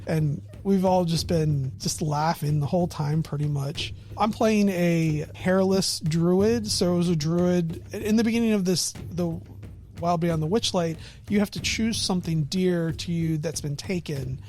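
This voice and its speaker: A middle-aged man casually recounting a tabletop game session on his video diary, animated and laughing often. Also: fairly high pitch, a little hiss or hum. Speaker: miniature painting vlogger. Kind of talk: casual storytelling.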